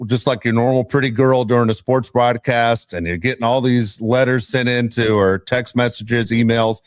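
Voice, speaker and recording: A man's voice: mid-range voice, no room sound. Male podcast co-host, exasperated rant, dry close sound. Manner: loud, exasperated ranting. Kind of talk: casual sports podcast rant.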